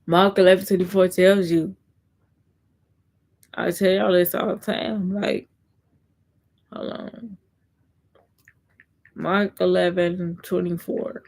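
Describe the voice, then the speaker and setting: A woman talks earnestly about faith on a live stream, reading comments out loud and answering them. Her voice stays low and even, with a steady gravelly fry. She circles back and repeats her points as she goes. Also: measured pace. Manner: reads viewer comments aloud and answers them. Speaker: content creator.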